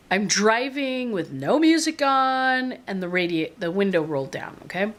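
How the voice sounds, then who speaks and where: Young woman, vlogger, rambling and excitable storyteller, casual to camera. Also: mid-range voice, moderate pace. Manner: rambling, excitable, animated retelling with laughs. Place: in a car.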